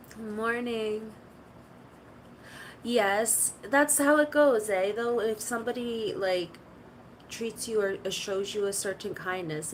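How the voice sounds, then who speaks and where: Woman streamer, casual and chatty, meandering anecdotes, a bit high-pitched, faint hiss behind. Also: poor audio. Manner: rambling storytelling, full of "like". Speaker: live streamer. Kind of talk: casual chat to stream viewers.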